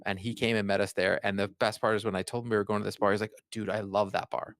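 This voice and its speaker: Gravelly low-voiced man with a Boston accent. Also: level tone, rapid-fire, fairly bright tone, no room sound, studio quality. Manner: rambling storyteller with many restarts. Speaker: podcast co-host. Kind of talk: casual podcast chat.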